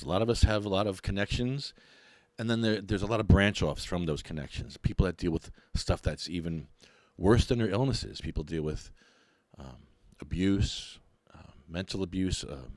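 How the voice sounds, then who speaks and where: A middle-aged man, hosting a podcast and ranting in a mocking, animated way. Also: low-pitched, no echo, studio quality. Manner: animated, mocking, laughs often. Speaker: podcast host.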